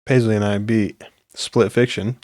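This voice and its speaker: A man's voice: lowish voice, fairly even intonation, unhurried, darkish tone, no room sound. A young man hosting a podcast, rambling on earnestly in a casual chat, with many fillers. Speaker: podcast host.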